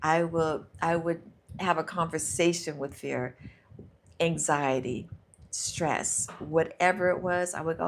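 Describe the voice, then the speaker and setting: A woman with a fairly low voice hosts a live motivational stream and talks casually into a close microphone. Her delivery is animated, and she slips into self-talk as she encourages her listeners. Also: slow, a little hiss or hum. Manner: warm, animated self-talk, sometimes laughing.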